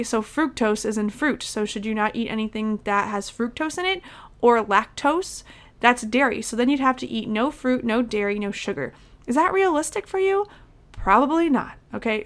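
A woman's voice: fairly high pitch, moderate pace. Frank, emphatic woman coaching on healthy eating. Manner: candid, emphatic, casual swearing. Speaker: nutrition coach. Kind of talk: motivational talk to camera or podcast.

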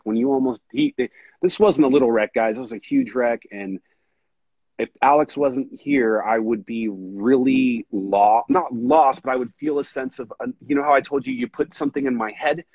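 A man hosting a casual podcast talks in a long, earnest ramble and keeps calling his friend dude. His voice is husky, a little breathy at the edges. The recording sounds dull and dry, with little room around it. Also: medium pitch, no room sound. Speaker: podcast host. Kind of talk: casual chat.

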